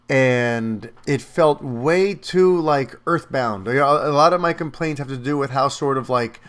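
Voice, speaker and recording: A man giving a casual spoken film review, animated and talkative, with lots of fillers and restarts. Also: mid-range voice.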